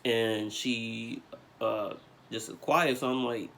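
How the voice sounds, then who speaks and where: A young man vlogging, telling a story in casual slang with lots of fillers, getting animated as he retells it. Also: mid-range voice, takes it slowly, vocal fry, a little hiss or hum. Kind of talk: storytime vlog.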